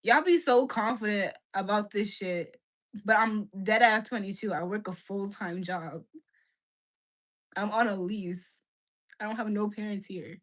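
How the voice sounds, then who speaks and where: A woman's voice: mid-range voice, a little slow. A woman in her twenties chatting casually on a livestream, frank and blunt, laughing often and talking in slang. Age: 20s.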